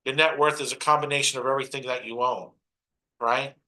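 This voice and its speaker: Punchy, bright-voiced Brooklyn man preaching. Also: mid-range voice, steady tone, fairly quick, rough recording. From Brooklyn, New York. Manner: preachy, punchy, mocks others in put-on asides. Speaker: motivational speaker. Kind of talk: motivational stage talk.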